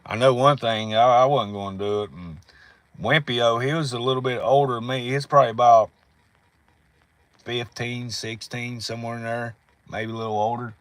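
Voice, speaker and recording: A man's voice: medium pitch, fairly even intonation, normal speed, fairly bright tone, no echo. Profane man telling stories. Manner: profane, rambling, drawling with frequent laughs. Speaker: livestream host. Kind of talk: casual storytelling on a livestream.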